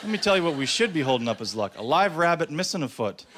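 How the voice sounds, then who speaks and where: A man doing a stand-up comedy routine, telling stories deadpan and slipping into voices for the people in them. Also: fairly high pitch, fast talker, heavy background noise. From Canada. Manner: deadpan storytelling with acted-out voices. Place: comedy club stage with a live audience.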